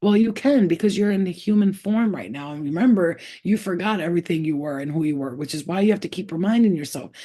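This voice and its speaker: A woman's voice: fairly low pitch, fast, hardly any pauses, mellow. A woman who works as a spiritual healer, speaking bluntly and with lots of swearing as she gives her viewers a casual pep talk. She talks straight to the listener and keeps repeating her points. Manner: blunt and profane, emphatic.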